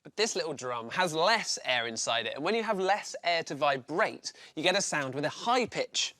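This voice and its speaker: Lively man explaining science for kids. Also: a little high, moderate pace, very noisy. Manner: enthusiastic, explaining step by step. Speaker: children's science presenter. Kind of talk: scripted science lesson for kids. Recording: music playing behind the voice.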